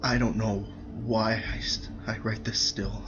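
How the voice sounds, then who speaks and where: A man's voice: mid-range voice, measured pace, muffled recording, music in the background, natural voice. A man voicing a terrified young male soldier writing his diary in a creepypasta reading, stammering and dropping into whispers. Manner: stammering, panicked, breaking into whispers.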